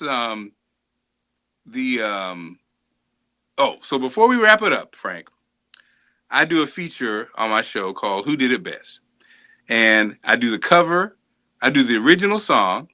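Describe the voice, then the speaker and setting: A man's voice: medium pitch, highs cut off. A man hosting a live studio talk show in a casual, emphatic way that gets heated. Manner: animated, emphatic, gets fired up. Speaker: host.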